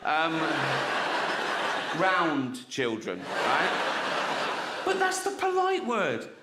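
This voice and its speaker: A middle-aged man from England performing a stand-up comedy set, animated and often laughing at his own jokes as he acts out little voices. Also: fairly high pitch, extremely slow, very noisy. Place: theatre stage before an audience.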